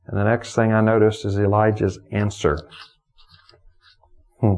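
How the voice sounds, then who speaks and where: A man preaching a sermon, repeating phrases for emphasis and moving between soaring exclamations and hushed, low reflection. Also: fairly even intonation, unhurried, long pauses. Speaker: pastor.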